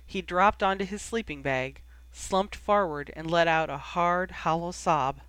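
A reader narrating fan fiction in a measured, steady way. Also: mid-range voice, clean tone, dry recording. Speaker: audiobook reader.

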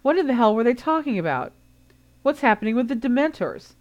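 A woman's voice: on the high side, sing-song, a little fast, darkish tone, muffled recording, pitched above the performer's own voice. A woman reader voicing an impulsive teenage boy in an audiobook story, blurting out agitated questions.

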